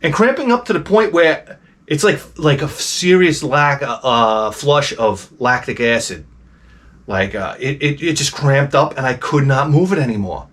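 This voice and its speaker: A man telling a personal story in a casual, rambling, animated way, with swearing and restarts. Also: mid-range voice, unhurried. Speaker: host.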